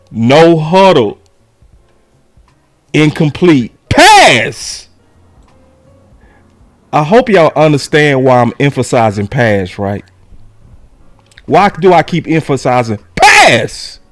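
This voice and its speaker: Animated man breaking down game film. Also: fairly high pitch, slow, long pauses, no room sound, soft background music. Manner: animated, shouts key words, talks to his audience. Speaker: sports show host. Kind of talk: casual sports film breakdown.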